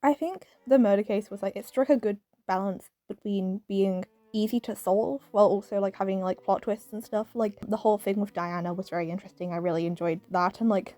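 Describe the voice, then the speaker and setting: Fast-talking British woman, chatty. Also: medium pitch, steady tone, mellow, no room sound. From Britain. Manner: rambling, peppered with "like" and "um", laughs often. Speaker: video reviewer. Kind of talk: casual chatty review.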